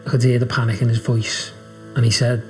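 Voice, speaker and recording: Football coach, tense retelling over music. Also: male voice, medium pitch, completely flat delivery, fairly quick. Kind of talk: documentary interview recollection.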